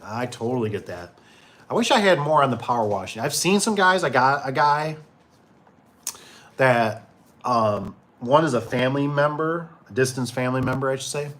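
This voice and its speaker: A man's voice: medium pitch, moderate pace, fairly bright tone. Rambling garage door guy telling stories. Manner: rambling, full of fillers and restarts, acts out quotes. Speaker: garage door business owner. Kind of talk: casual storytelling chat.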